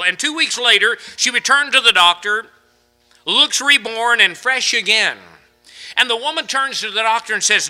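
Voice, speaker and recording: A man preaching a sermon, his voice high and very bright. He tells jokes and stories between scripture, swinging from loud emphatic lines down to quiet asides. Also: normal speed. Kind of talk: sermon with humorous anecdotes.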